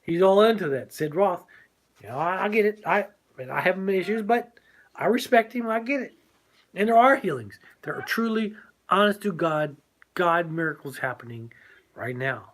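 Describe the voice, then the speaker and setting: A man's voice: sits high, expressive, moderate pace. An older man co-hosting a casual talk show, speaking in a preachy, emphatic way and laughing often. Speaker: co-host.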